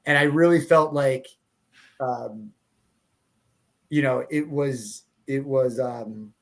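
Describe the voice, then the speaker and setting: A man's voice: mid-range voice, slow pace. A man hosting a podcast, telling stories in a rambling, casual way, restarting his sentences and laughing as he talks. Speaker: podcast host. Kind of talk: casual conversational storytelling.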